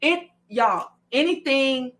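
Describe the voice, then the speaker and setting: A woman with a Southern drawl hosting a broadcast, talking in an animated, repetitive and emphatic way with many fillers. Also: high voice, takes it slowly. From American South. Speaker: host. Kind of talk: motivational broadcast talk.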